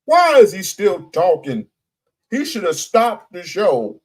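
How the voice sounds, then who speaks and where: A man's voice: high-pitched, wildly swooping pitch, slow, slightly rough, low-quality recording. A man giving a heated commentary rant, blunt and profane, repeating himself for emphasis.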